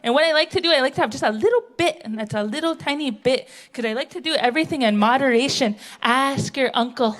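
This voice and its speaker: A woman's voice: high voice, lightly acted. A woman playing a brash, grumbling auntie. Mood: rambling indignant. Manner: rambling, indignant, quick to laugh at herself. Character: brash, grumpy, chain-smoking middle-aged auntie. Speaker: stage comedian in character. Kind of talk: live character comedy monologue. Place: theatre stage before a live audience.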